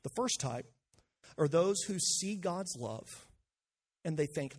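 A man's voice: on the high side, lively intonation, takes it slowly, pauses often, husky. A male pastor delivering an earnest sermon, stumbling on frequent restarts and climbing to impassioned peaks.

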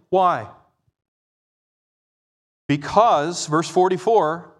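A man preaching a sermon, swinging between loud exclamations and quiet, explaining asides. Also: a little high, animated, takes it slowly, pauses often. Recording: long reverb of a large hall.

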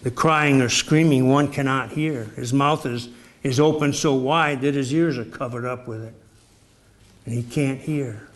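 A man preaching a sermon in a slow, measured, reflective way, posing rhetorical questions. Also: medium pitch, steady tone.

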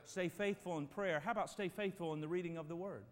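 Pastor, male, high voice, emphatic sermon delivery, big echoing church sound. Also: quick pace. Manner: emphatic preaching, swings from loud to quiet. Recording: long reverb of a church hall.

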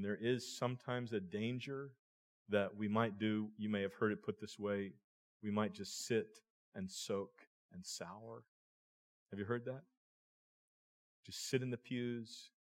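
A man preaching a sermon as a pastor, earnest, speaking to his listeners as friends and often repeating words. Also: fairly low pitch.

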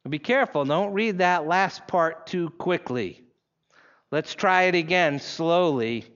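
A man's voice: sits high, expressive, normal speed, fairly bright tone, muffled recording. A male pastor preaching a sermon, telling a story vividly in the second person and leading the congregation through readings aloud.

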